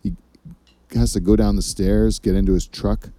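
A man's voice: lowish voice, little pitch movement, normal speed, dark tone, no echo. A man hosting a casual comedy podcast, telling long rambling stories full of swearing. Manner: rambling, profane storyteller. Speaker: podcast host.

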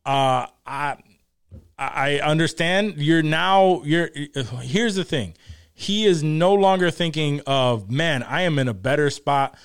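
A man's voice: a little high, slow, clear, resonant tone. A man co-hosting a podcast, rambling and repeating himself as he thinks aloud. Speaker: podcast co-host. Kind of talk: casual chat.

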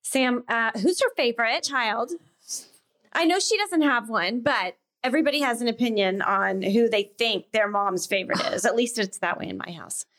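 Woman from Texas, fairly high voice, relaxed storytelling co-host, joking asides. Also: normal speed. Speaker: podcast co-host. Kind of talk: casual chat.

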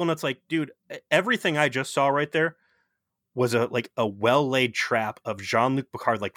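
A man co-hosting a casual podcast, retelling a TV episode in a profane, animated way. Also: medium pitch, fairly quick, no echo, studio quality. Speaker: podcast co-host. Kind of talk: casual chat, TV episode recap.

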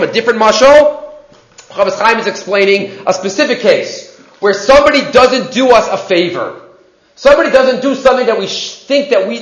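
High-voiced man teaching a Torah class. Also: reverberant, highs cut off. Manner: explains sources line by line, asks and answers his own questions.

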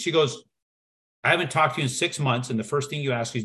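A man telling a personal story as a podcast guest, acting out the dialogue with lively shifts in his voice. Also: mid-range voice, quick pace. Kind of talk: storytelling in conversation.

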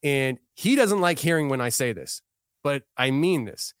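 A man's voice: mid-range voice, lively intonation, normal speed, clean tone, dry recording, studio quality. A man in his thirties, a podcast guest, telling a personal story in a casual, earnest way, often restarting his sentences. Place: podcast studio.

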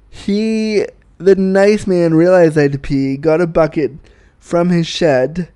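A man's voice: sits high, a little mellow, clean tone. Profane, self-mocking Canadian man. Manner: profane, self-mocking, laughs at own jokes. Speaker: podcast host. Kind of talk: candid storytelling monologue.

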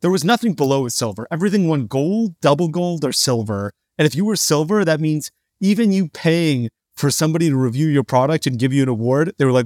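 A man's voice: on the high side, lively intonation, fairly quick, hardly any pauses, a little mellow, no room sound, clean studio sound. A man co-hosting a business podcast in casual chat, sarcastic and fond of mocking people by putting on their voices. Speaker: podcast co-host.

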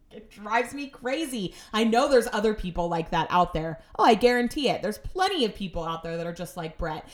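A woman's voice: on the low side, very animated, a little fast, few pauses. A woman telling stories about her home life in a casual monologue, chatty and exasperated, with sarcastic asides.

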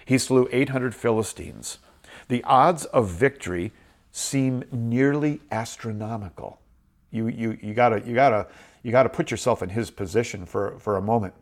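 A man's voice: medium pitch, moderate pace. A middle-aged man hosting a show, giving an earnest, encouraging Bible teaching and repeating phrases for emphasis. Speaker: host.

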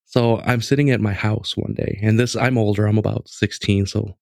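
Low gravelly man telling a story. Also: moderate pace, no echo, studio quality. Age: late 20s. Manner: lively, conversational, frequent restarts and "I'm like". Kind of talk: casual storytelling chat.

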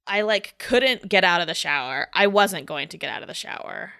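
A woman recounts a personal story in an easygoing chat, with a bright, sharp-edged tone. She talks loosely and swears freely, with "like" after nearly every phrase. When she quotes people, she acts out their voices. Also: on the low side, moderate pace, hardly any pauses, clean tone. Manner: chatty, swears freely, heavy use of "like". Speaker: guest telling a personal story. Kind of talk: casual conversational storytelling.

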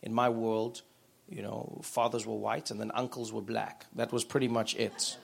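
A man, a guest author and comedian telling animated stories in a live on-stage conversation. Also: lowish voice, normal speed, gravelly. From South Africa. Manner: animated storytelling. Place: live event room.

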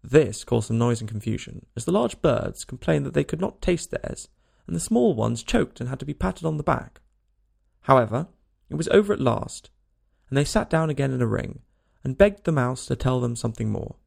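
A man narrating a storybook chapter in a measured, expressive reading. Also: mid-range voice, gravelly, breathy edge. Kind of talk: audiobook storytelling.

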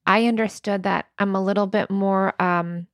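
A woman's voice: medium pitch, steady tone, moderate pace, no room sound, studio quality. A woman co-hosting a podcast, talking openly and casually about her marriage and family, often laughing as she speaks. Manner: candid and confessional, laughs often. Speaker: podcast co-host. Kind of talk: casual chat.

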